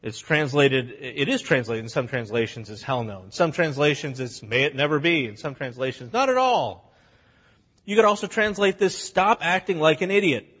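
A man's voice: mid-range voice, breathy edge, in a large hall, muffled recording. A man preaching a sermon to his congregation, blunt and plain-spoken, acting out both sides of an argument. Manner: animated, acts out both sides of arguments in quick voices. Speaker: pastor. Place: church sanctuary.

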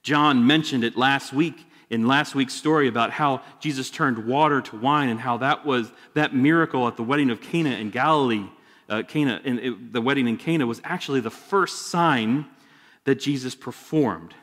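A man's voice: mid-range voice, normal speed, a bit bright. A male pastor giving a sermon in a church sanctuary, talking conversationally with joking asides. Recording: long hall reverb.

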